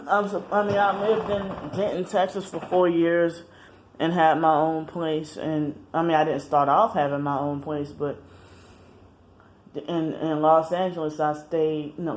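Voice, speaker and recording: Rambling woman, halting and self-correcting. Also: deep voice, a little mellow. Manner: rambling, halting, often corrects herself mid-sentence. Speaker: vlogger. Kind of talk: casual personal monologue.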